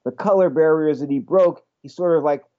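A man's voice: on the high side, brisk, muffled recording. A man hosting a radio sports show, rambling chattily with frequent exclamations. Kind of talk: casual radio talk.

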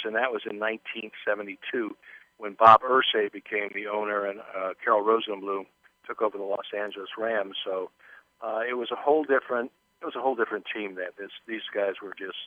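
An older former football player, interviewed as a guest, tells rambling anecdotes with many restarts in a fairly low voice. The casual storytelling comes through a tinny phone line, without echo.

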